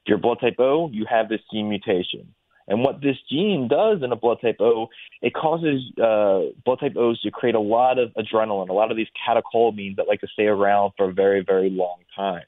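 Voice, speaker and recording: A man with a lowish voice explains medical ideas in a relaxed, rambling way, filling gaps with "um" and "uh". The sound is thin and phone-like, and the room is dry. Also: fairly quick, dry recording. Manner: explains at length with many fillers. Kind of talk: casual explanatory interview.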